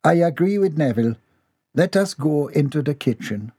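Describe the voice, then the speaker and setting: A man's voice: a little high, expressive, normal speed, mellow, breathy edge, no room sound, studio quality, voice pushed up. A man voicing a huffing, bossy older woman of the household in a comic audiobook. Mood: brisk. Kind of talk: audiobook character voice.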